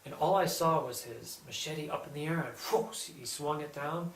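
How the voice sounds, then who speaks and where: A man with a slightly raised, gravelly voice tells a personal story in a casual, animated way, breaking into quick quoted bursts. He sits back from the mic in an echoey room, with a faint hum behind him. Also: fairly high pitch. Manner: animated storytelling, quoting others in lively bursts. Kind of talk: casual spoken anecdote. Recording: roomy echo, distant mic, faint background hum.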